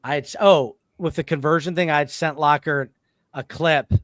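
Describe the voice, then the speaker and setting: Rambling male podcast host, slightly high voice, dry close-miked sound. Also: steady tone, moderate pace, fairly bright tone, dry recording. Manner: rambling, self-interrupting. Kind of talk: casual chat.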